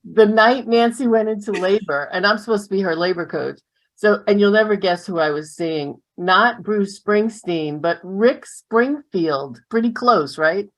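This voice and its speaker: A woman's voice: medium pitch, measured pace. A woman co-hosting a casual chat, telling stories and laughing often. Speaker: co-founder and co-host.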